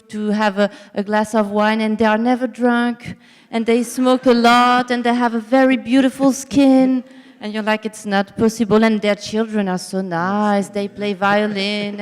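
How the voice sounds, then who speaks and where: A woman's voice: a little high, little pitch movement, measured pace, clear, resonant tone, long reverb tail. Woman author on a stage. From Morocco. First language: French. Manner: anecdotal, frequent hesitations, wry humor. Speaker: guest author. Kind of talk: onstage interview. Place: large festival hall on stage.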